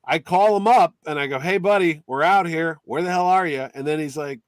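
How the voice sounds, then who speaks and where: Podcast host, male, high-pitched, dry close mic, animated raconteur. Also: fairly quick, no echo. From Connecticut. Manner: animated, acts out quotes in put-on voices. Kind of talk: casual storytelling chat.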